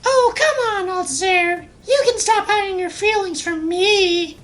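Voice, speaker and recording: A man voicing a high-pitched female bunny puppet in a strained, teasing, sing-song voice. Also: measured pace, a bit bright, faint music behind.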